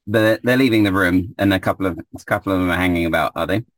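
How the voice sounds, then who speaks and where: A man playing a tabletop game, relaxed and quick to chuckle, with plenty of ums in his speech. His voice sits on the low side. The sound is dry and close. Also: no echo. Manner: laughing, relaxed, filler-heavy. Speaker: player. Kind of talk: casual tabletop play.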